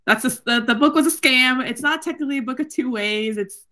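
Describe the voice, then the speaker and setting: A woman's voice: high-pitched, fairly quick. Woman cohost ranting about a book, swears a lot, laughs, does little voices for quotes. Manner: animated, profane, laughs often, acts out quotes. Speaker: podcast co-host. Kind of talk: casual book club chat.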